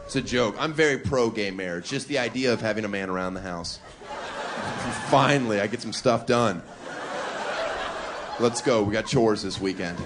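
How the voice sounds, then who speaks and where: A man doing a crude, brash stand-up comedy set on a club stage, punching up his lines with shouts. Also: fairly low pitch, moderate pace, long pauses. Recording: live club recording with crowd noise. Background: audience laughter and applause.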